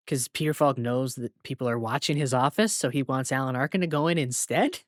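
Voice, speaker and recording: A man's voice: mid-range voice, moderate pace, dry recording, clean studio sound. A man co-hosting a podcast, retelling movie scenes in casual chat, with many fillers. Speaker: podcast co-host.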